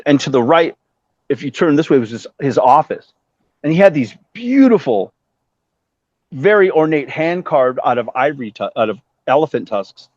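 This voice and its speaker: A man in his fifties, a guest musician, telling stories in a lively, casual way and swearing freely. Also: medium pitch, no room sound. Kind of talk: animated storytelling interview. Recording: dull dry lo-fi sound.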